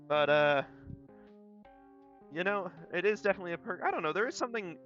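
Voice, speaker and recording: A man's voice: on the high side, pushed and bright. A young man with a light Southern US accent, chatting in a rambling, self-deprecating way while he draws on stream. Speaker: art streamer. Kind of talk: casual chat while drawing. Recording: slightly dull sound, faint guitar music.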